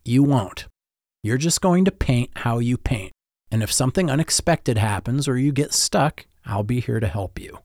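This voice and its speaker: A scowling art teacher with a soft heart, talking a student through his work calmly and patiently, as a man plays him. His voice sits at a middle pitch. The recording is close and dry. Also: moderate pace, dry recording, close to an everyday voice. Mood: encouraging. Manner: calm, encouraging, explaining. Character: gruff but kind male art teacher. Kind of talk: audiobook-style storytelling.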